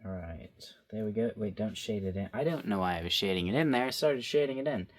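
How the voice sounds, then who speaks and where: A man's voice: on the low side, lively intonation, fast. A young man chatting to himself while he draws, recorded on his phone, rambling and playful. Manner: rambling, self-talking, playful. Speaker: vlogger drawing. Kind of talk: casual drawing commentary.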